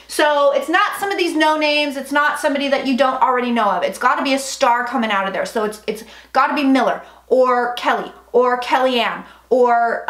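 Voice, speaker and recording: A woman's voice: high voice, fairly bright tone. A young woman hosting a casual tarot livestream, chatty and frank, swearing and reading viewer comments aloud. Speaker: psychic livestream host. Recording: echoey room, faint noise.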